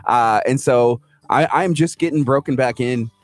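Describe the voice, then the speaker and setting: A man co-hosting a morning show, telling stories with lively energy and putting on voices for the people in them. His voice sits in the middle range and sounds close and dry, with faint music underneath. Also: medium pitch, moderate pace, no echo. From Houston, Texas. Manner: animated storyteller, acts out quoted people. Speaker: radio co-host. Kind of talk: casual morning show banter.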